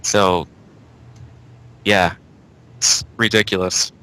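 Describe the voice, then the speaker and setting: A man co-hosting a live chat show, dropping quick, dry quips over a home microphone on an online call. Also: low-pitched, steady tone, sharp tone, clear, resonant tone, poor audio.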